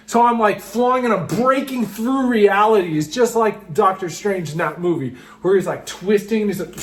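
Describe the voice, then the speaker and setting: Man, high-pitched, casual storytelling, excitable, filler-heavy. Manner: excitable, animated, lots of fillers like "just" and "like". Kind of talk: casual first-person storytelling.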